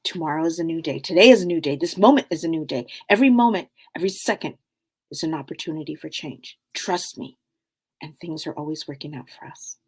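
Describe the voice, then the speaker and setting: A middle-aged woman hosting a spiritual talk show, speaking in a meandering, casual way full of fillers, often sinking to a soft hush. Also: low-pitched, expressive, a little fast, slightly rough.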